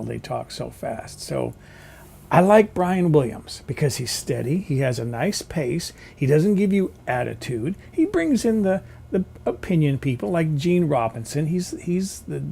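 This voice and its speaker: Guy rambling on in his home vlog, lively up and down voice, gravelly and a bit husky. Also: on the high side, a little slow, slight background noise. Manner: chatty, rambling, opinionated. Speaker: vlogger. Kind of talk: casual rambling monologue. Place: home kitchen.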